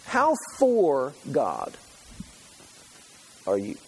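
A man preaches a sermon, reading scripture and passionately retelling it, pleading when he voices Moses and sinking to a near whisper at other moments. His medium-pitched voice is extremely slow and breathy, with huge pitch swings.

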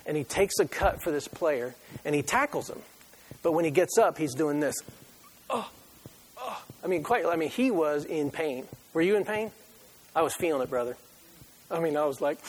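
Male pastor, husky and fairly high-pitched, animated sermon storyteller who acts out his own reactions.

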